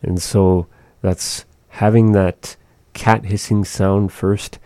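Deep, mellow male language teacher; slow, patient, demonstrates sounds. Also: flat delivery, no echo. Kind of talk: explaining pronunciation.

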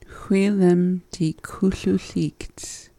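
A co-host in a language lesson speaks very slowly and echoes each word back softly. The voice has a very dark, mellow tone. The sound is dry and close. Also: medium pitch, little pitch movement, vocal fry. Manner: soft, slow, echoing words back. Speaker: co-host and learner. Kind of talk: repeating words in a lesson.

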